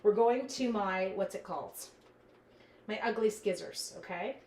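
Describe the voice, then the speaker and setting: A woman's voice: medium pitch, measured pace, darkish tone, reverberant, a little hiss or hum, rough recording. A woman hosting a casual live-stream craft demonstration from her home craft room, chatting with viewers in the chat as she works. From Canada.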